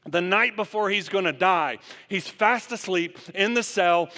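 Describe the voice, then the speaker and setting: A man preaching to his congregation with a high, ringing, bright voice. He fires one rhetorical question after another at his listeners. His words trail off into the long reverb of a church sanctuary. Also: a little slow, hardly any pauses. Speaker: pastor. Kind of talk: sermon.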